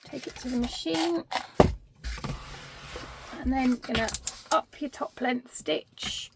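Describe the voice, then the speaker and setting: A woman's voice: high-pitched, takes it slowly, vocal fry, background noise. A woman giving a casual sewing tutorial, chatty and self-deprecating, thinking aloud with plenty of ums and restarts.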